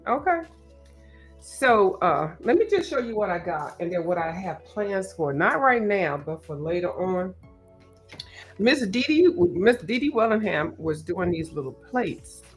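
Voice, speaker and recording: Woman livestream host, playful and talkative, easy mid pitch, soft music bed. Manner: chatty, joking, talks straight to viewers. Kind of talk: casual livestream chat. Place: at home.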